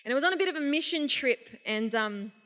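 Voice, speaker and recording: A young woman giving a casual, energetic sermon to a youth conference. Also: high-pitched, fast talker. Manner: energetic, casual, animated storytelling. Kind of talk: live youth sermon storytelling. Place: large event hall. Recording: long reverb of a large hall.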